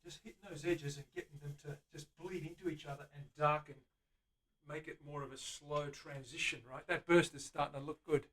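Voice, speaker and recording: A man's voice: on the high side, fairly even intonation, a little fast, fairly bright tone, distant mic. A middle-aged man with an Australian accent, hosting a live-streamed workshop demonstration and chatting eagerly to viewers while he works. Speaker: luthier host. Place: guitar workshop. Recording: voice from away from the mic.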